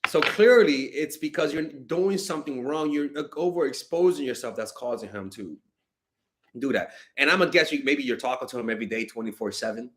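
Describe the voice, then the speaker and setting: A young man giving blunt, animated dating advice to fans in a casual stream, swearing freely and sounding exasperated. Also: medium pitch, a little fast. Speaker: dating coach answering fan questions.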